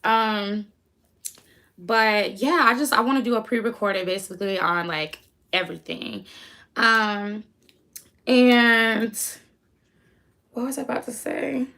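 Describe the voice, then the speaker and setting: A woman's voice: a little high, slow pace, long pauses, bright, forceful tone. A young American woman hosting a casual livestream, chatty and easily sidetracked, reading her chat aloud and hyping her friends. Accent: American English. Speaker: livestream host.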